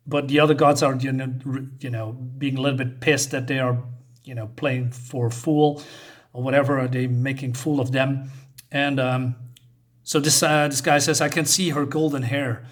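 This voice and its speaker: A man's voice: medium pitch, little pitch movement, a little slow. A man casually retelling a comic book story in a hesitant way, with many fillers and restarts.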